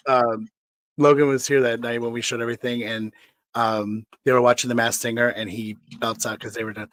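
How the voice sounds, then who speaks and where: A man co-hosting a casual talk show, chatty and excitable, often jumping up in pitch. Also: brisk, no room sound. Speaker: co-host.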